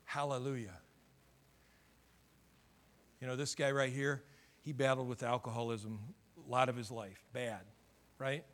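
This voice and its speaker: A man's voice: mid-range voice, steady tone, a little slow, long pauses, fairly bright tone. A middle-aged man preaching a sermon as pastor, building to fervent emphasis.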